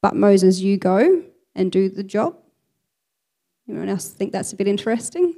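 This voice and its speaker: Woman preacher, expressive sermon delivery, medium pitch. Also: moderate pace, gravelly. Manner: expressive, reads scripture aloud with emphasis.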